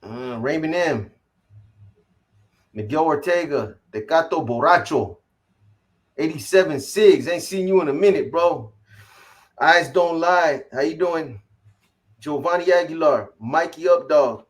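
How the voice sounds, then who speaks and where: A man hosting a casual livestream, reading off viewer names in quick shout-outs and slangy greetings. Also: on the high side. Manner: rattles off viewer shout-outs, slangy, calls people boy. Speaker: livestream host.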